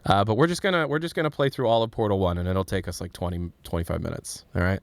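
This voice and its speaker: A man's voice: low-pitched, fast talker, vocal fry, dry recording. A man talking casually on a live stream, rambling with many fillers and restarts.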